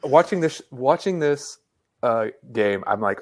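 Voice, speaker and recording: A man's voice: medium pitch, animated, darkish tone. A man co-hosting a sports talk show, making wry, joking remarks in casual chat. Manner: wry, joking asides, quick bursts. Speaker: co-host.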